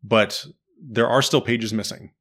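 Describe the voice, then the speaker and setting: A man's voice: mid-range voice, steady tone, measured pace, a bit bright. A man in casual chat, animatedly breaking down a TV series and quizzing his co-host. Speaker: podcast host discussing a TV series.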